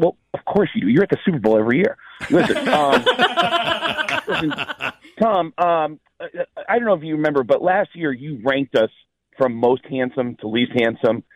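A stand-up comedian, a man from New York, telling lively stories on a talk show and acting out the people in them. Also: mid-range voice, dry recording, lo-fi sound. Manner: lively storyteller, voices the people in his anecdotes. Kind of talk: animated storytelling on a talk show.

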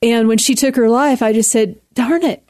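A woman's voice: fairly high pitch, fairly even intonation, fairly quick, a little mellow, dry recording, clean studio sound. A woman in her fifties with a Texan accent, an author speaking earnestly as a radio interview guest. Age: 50s.

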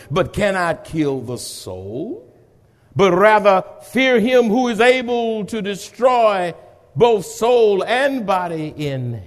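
A man with a high, lifted voice delivers a sermon slowly and deliberately. He reads scripture and calls out to his listeners to answer him back. His words linger in the long reverb of a large hall. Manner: dramatic preaching with call-and-response. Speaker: pastor.

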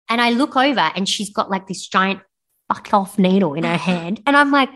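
A young woman tells her story as a podcast guest. She is blunt and animated and swears freely. Her voice sits at a middling pitch. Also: brisk. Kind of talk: casual storytelling interview.

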